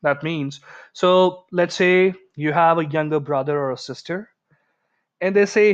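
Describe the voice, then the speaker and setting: Man, English teacher, slightly high voice, chatty, acts out example dialogues, muffled lo-fi sound. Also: a little slow, clear, resonant tone. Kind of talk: casual grammar lesson. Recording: dull lo-fi recording.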